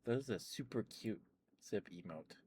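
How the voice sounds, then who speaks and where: A young man chatting softly at home for an ASMR stream, rambling, laughing often and repeating phrases. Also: lowish voice, animated, moderate pace, background noise. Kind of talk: soft-spoken ASMR chat.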